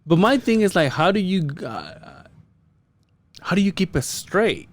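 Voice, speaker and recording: A man's voice: sits high, very animated, unhurried. A man co-hosting a podcast, telling a story in a loose, profane, laughing way. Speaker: podcast co-host. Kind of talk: casual storytelling chat.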